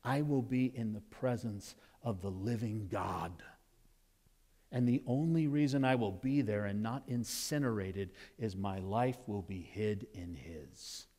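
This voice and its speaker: A man from Nevada preaching a sermon as pastor, animated in his storytelling, swinging between loud exclaims and hushed asides before a congregation. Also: lowish voice, unhurried. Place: church sanctuary with congregation. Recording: long hall reverb in a church.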